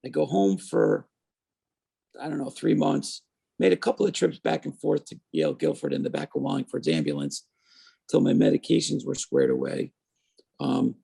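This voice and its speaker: Gravelly and husky, this fifty-something man speaks at a normal pace in a mid-range voice. He's an interview guest telling his story in a lively way, imitating the voices of those he quotes.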